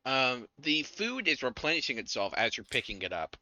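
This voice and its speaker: Lively man running a tabletop game. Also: medium pitch, normal speed, dull audio. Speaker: game master.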